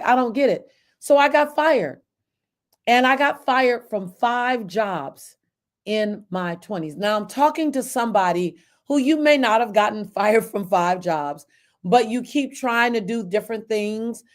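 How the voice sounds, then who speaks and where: A middle-aged woman, a motivational speaker, telling a personal story and addressing listeners by name. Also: mid-range voice. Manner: animated, talks to listeners by name. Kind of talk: storytelling to a live audience.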